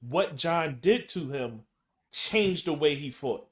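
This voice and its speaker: A man hosting a podcast in casual chat, halting and restarting as he builds his questions. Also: fairly high pitch, expressive. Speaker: podcast host.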